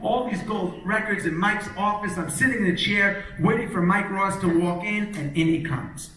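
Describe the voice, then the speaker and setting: A middle-aged man telling an energetic, punchy story to a live audience as a motivational speaker, acting out the quotes. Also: high-pitched, moderate pace, a little hiss or hum. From New York, Long Island. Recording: echoey hall, distant mic.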